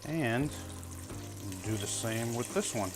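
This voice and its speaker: A man giving a relaxed, chatty cooking demonstration with step-by-step tips for his vlog. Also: mid-range voice, takes it slowly. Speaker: cooking vlogger. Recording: home video with music behind.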